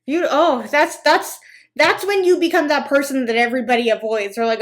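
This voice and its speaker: Woman YouTuber, high voice, sarcastic, chatty commentary with lively storytelling. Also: fairly quick. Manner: sarcastic, reacting with groans and laughter; animated, acts out other people's lines in story. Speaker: anti-MLM commentary YouTuber.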